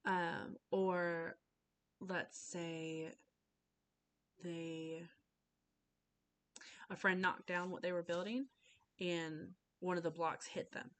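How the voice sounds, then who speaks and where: A woman's voice: fairly low pitch, level tone, drawn-out words, pauses often, a bit bright. A young woman giving an informal class speech over a webcam, casual and full of fillers and restarts.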